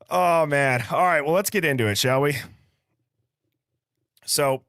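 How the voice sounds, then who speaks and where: His voice runs a little high, and the studio recording has no echo. The Midwestern man is hosting a livestream, greeting viewers casually and reading comments in a chatty, upbeat manner, with quick shout-outs and light laughs.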